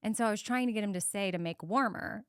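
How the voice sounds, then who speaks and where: A woman's voice: mid-range voice, fast talker, clear, resonant tone, no room sound, studio quality. A woman from Texas co-hosting a podcast, telling a story in casual chat and laughing often. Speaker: podcast co-host.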